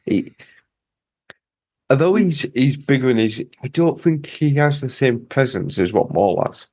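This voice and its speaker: A man co-hosting a podcast chats casually, thinking aloud and building his ideas with thoughtful, hesitant phrasing. His voice is mid-range, expressive and a little mellow, a bit slow, with no echo.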